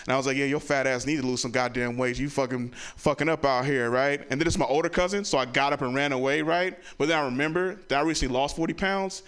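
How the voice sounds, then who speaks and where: A man performing a stand-up comedy set, telling stories and acting out the people in them. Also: smooth. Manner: storytelling, acts out relatives with loud high voices.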